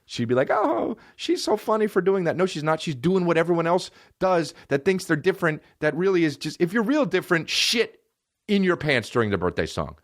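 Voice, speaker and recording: A man's voice: on the high side, sing-song, a little fast, no echo, clean studio sound. A man in his thirties hosting a comedy podcast, ranting in a casual, profane way and mimicking people in mocking voices. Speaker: podcast host.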